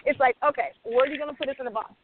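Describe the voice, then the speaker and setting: A passionate woman with a fairly high voice speaks on a radio panel, acting out snatches of conversation as she goes. Her voice comes through a thin, phone-like line. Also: very fast, noisy background. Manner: passionate, animated, acts out quoted dialogue. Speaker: screenwriter and panelist. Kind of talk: panel discussion. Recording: tinny phone-line sound, dry.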